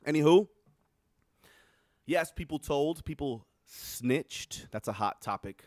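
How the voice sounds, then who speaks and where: A man talks to his livestream audience in loose, salty commentary, and his voice sits a little high for a man. He gets animated and cracks up often. The sound is dry and close, with no room around it. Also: slow pace, no echo. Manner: animated, profane, bursts into laughter. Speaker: livestream host.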